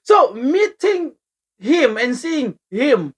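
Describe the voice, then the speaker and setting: A young woman with a South African accent telling a story for her vlog in a casual, animated way, laughing often and switching languages mid-sentence. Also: high-pitched, extremely slow. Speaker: vlogger.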